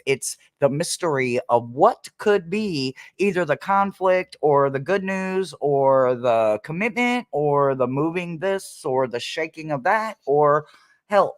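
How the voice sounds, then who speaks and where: A man's voice: a little high, a bit bright. A man hosting a tarot reading live stream, chatting playfully and laughing often as he greets viewers. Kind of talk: casual live-stream chat.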